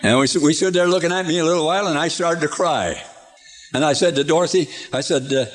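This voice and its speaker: A man's voice: a little high, fast, soft background music. An older man preaching a sermon in a folksy storytelling way, chuckling through his anecdotes, from an archive recording.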